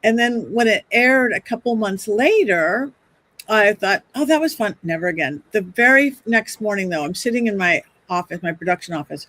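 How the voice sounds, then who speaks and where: A middle-aged woman and psychic medium, telling stories on a podcast in a chatty, animated way, often restarting her sentences. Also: mid-range voice, normal speed, dry recording. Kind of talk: casual podcast storytelling.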